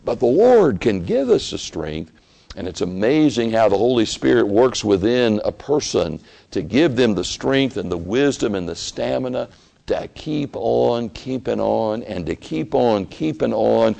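A man preaching a sermon in an animated way, rising into emphatic bursts and often restarting his phrases. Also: on the low side, measured pace, creaky.

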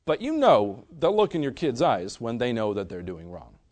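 A young man preaching a sermon in an earnest way, swinging from loud emphasis to soft, hushed storytelling. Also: medium pitch, huge pitch swings, moderate pace.

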